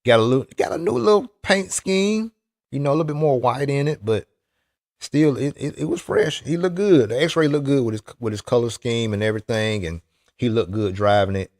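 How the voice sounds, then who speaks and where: A man's voice: medium pitch, expressive, fairly quick, darkish tone, no room sound, studio quality. A man talking loosely and teasingly in a casual chat about RC racing, with plenty of restarts. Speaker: RC racing vlogger.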